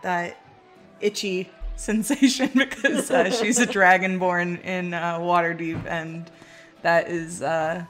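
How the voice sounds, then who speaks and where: A woman's voice: lowish voice, steady tone, slow, fairly bright tone, soft background music. A woman playing a tabletop game, describing her character's actions hesitantly with many fillers and laughs. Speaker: player. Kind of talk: casual tabletop play.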